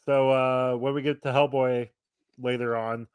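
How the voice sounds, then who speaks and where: A man's voice: medium pitch, little pitch movement, a little slow, clear, resonant tone, no echo. Easygoing male podcast co-host, dry sound. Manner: easygoing, anecdotal storyteller. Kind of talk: casual chat.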